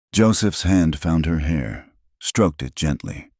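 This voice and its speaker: A man narrating a scripted story in a slow, measured, hushed way. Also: extremely low pitch, animated, vocal fry, no echo, studio quality.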